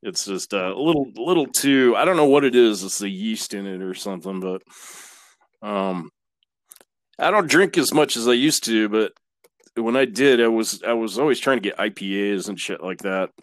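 A laid-back man with a lowish voice, reminiscing in easy, unhurried casual chat and cursing now and then. The recording is dry, with little room sound around him. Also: expressive, dry recording. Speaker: podcast guest.

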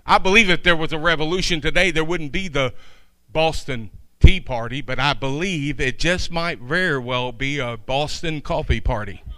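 A man's voice: a little high, normal speed, sharp tone, no echo. A man preaching a sermon in a folksy, chatty way, with asides to his congregation.

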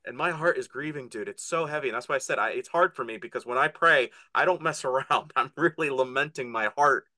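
A man's voice: medium pitch, brisk, few pauses, bright, forceful tone, dry recording. A man speaking earnestly and fervently as a podcast guest, often tripping over and repeating words. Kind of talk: passionate podcast conversation.

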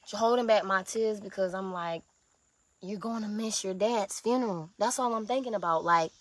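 A woman's voice: mid-range voice, no room sound. A young woman telling her viewers a story in a casual, blunt and profane way, with lots of emphasis.

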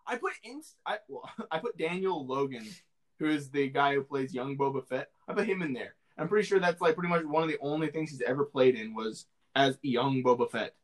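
A young man co-hosting a podcast in casual chat, animated and laughing often. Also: mid-range voice, a little fast. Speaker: podcast co-host.

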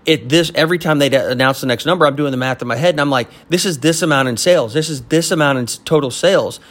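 Animated Texan-raised man telling a story. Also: a little high, fast. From Texas. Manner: animated, acts out quoted voices. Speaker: guest, business owner. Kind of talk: casual storytelling.

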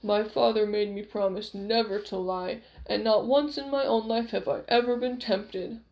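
A woman reading aloud, voicing a giant, honest, simple-hearted man in a slow, heavy way. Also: mid-range voice, steady tone, a little mellow, close to an everyday voice, poor audio. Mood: stubborn.

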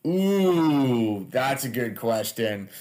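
A man's voice: medium pitch, sing-song, very slow, a little mellow. A man, a stand-up comedian, chatting casually as a podcast guest, loose and laughing, with frequent swearing.

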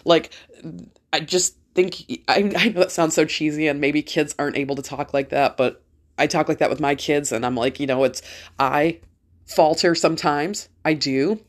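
A woman's voice: deep voice, fairly even intonation, normal speed. A middle-aged woman hosting a podcast, talking casually and bluntly, swearing freely and rambling with restarts. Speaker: podcast host. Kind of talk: casual opinion monologue.

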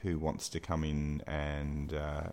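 A man's voice: very deep voice, completely flat delivery, slow, darkish tone. A man co-hosting a podcast, talking casually with hesitant, rambling phrasing. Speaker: podcast co-host.

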